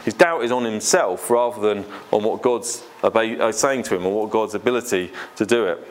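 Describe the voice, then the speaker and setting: A man's voice: fairly low pitch, moderate pace. A man preaching a sermon, conversational and earnest, asking the congregation questions.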